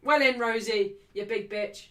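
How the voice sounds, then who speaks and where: Loud, excitable high-voiced woman. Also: unhurried. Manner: excitable, shouting cheers at big moments; brash and jokey with the live chat. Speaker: livestream host. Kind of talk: football watchalong commentary.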